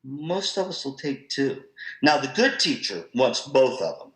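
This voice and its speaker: A man presenting an online professional-development talk to music teachers, in a lively, conversational, storytelling manner. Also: medium pitch, measured pace, echoey room, poor audio.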